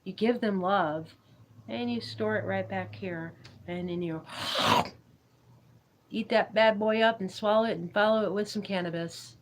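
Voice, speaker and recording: A woman's voice: medium pitch, unhurried, a little hiss or hum, poor audio. A woman hosting a spiritual livestream, chatting in a loose, meandering way, laughing often and answering viewers' chat. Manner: giggly, meandering, reads chat aloud. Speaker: YouTube livestream host.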